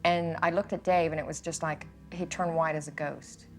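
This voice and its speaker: A woman's voice: low-pitched, flat delivery, normal speed, faint music behind. A woman being interviewed, retelling events in a plain, conversational way. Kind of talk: recounting a personal experience.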